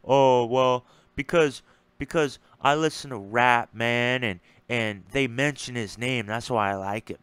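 A man's voice: mid-range voice, a little slow, fairly bright tone, clean tone, no room sound, lightly acted. Man mocking a stammering confused guy. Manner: stuttering, whiny mocking tone.

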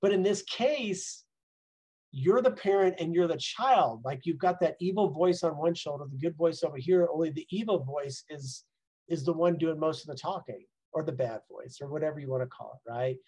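A man's voice: fairly high pitch, normal speed, warm tone, husky, poor audio. A middle-aged man, a mindset coach, giving a casual, rambling talk from home, full of "like" and "right?". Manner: conversational, rambling, frequent "right?" and "like".

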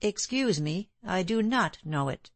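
A woman voicing a calm, stern gentleman in an audiobook, cold and composed. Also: mid-range voice, a little slow, dry recording.

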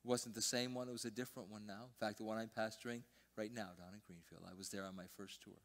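Older pastor preaching, loud then hushed. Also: male voice, on the low side, fairly even intonation, fast talker. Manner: storytelling, swings between loud emphasis and hushed near-whispers. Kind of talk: sermon. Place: church sanctuary.

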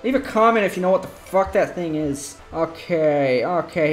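A man playing a video game and commenting, doing a bad put-on action-hero movie star accent, mock-heroic and prone to swearing and yelling outbursts. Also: high voice, moderate pace, few pauses. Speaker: gamer. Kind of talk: let's play commentary.

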